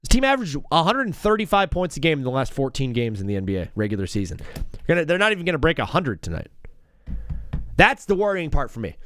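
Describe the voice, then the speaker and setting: A man's voice: fairly high pitch, wildly swooping pitch, quick pace, a bit bright, no echo. A young man hosting a live sports stream, rambling and joking in a casual way with lots of "dude" and "bro".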